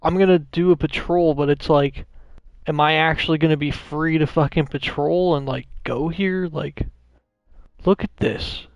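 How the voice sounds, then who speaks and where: A man's voice: on the high side, steady tone, moderate pace, dry recording, highs cut off, faint music behind. A man commenting on his game live, rambling and swearing in frustration. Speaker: streamer.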